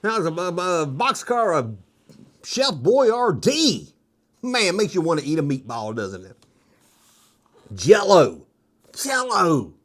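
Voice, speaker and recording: A man's voice: fairly high pitch, a bit bright. A middle-aged man hosting a casual show-and-tell vlog, rambling with jokes and nostalgic asides. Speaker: toy collector host.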